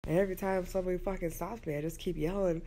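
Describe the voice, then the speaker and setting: A woman's voice: on the low side, fairly even intonation, very fast, warm tone. A woman in her twenties telling a rambling, profanity-laced story into her phone at night in her bedroom. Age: 20s. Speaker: vlogger. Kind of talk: late-night phone rant.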